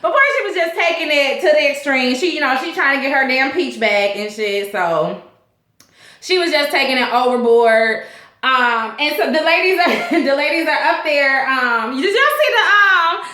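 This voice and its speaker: A woman hosts a casual recap of a TV episode, cursing freely and breaking into laughter as she talks. Her voice sits high and sounds bright. The room around her is echoey. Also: moderate pace. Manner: laughs a lot, profane and animated. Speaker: host of a TV recap show.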